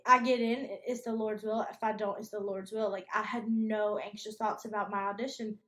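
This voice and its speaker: A woman's voice: mid-range voice, little pitch movement, normal speed, a bit bright, echoey room. A young woman, a college student telling stories in a casual chat and laughing often. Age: young adult.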